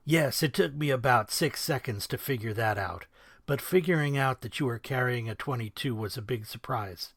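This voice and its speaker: A man narrating his own crime novel in the first person, measured and wry, in a recording studio. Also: medium pitch, a bit bright, slightly rough, no echo.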